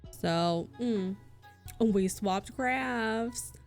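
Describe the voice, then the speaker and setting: A woman's voice: a little high, extremely slow. Chatty woman streamer, music behind. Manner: chatty, swearing, reads out chat. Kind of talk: casual chat while crafting. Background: soft background music.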